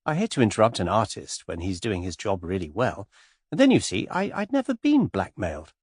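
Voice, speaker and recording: A man reading an audiobook, voicing a witty young English society woman in an airy, teasing, quietly amused manner. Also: lowish voice, wildly swooping pitch, a little fast, husky, no echo, clean studio sound, full character voice.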